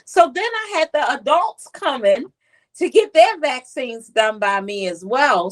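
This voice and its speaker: On a low-quality recording, a woman speaks at medium pitch with a US East Coast accent. A pediatric nurse and author being interviewed, she's a lively storyteller who imitates kids' voices as she recounts her tales.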